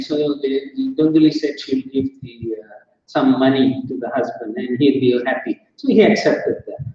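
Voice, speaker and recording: A man's voice: medium pitch, mellow. A man telling a scripture story in a sermon, chatty and laughing at his own asides. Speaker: temple speaker. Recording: echoey temple hall, distant dull mic.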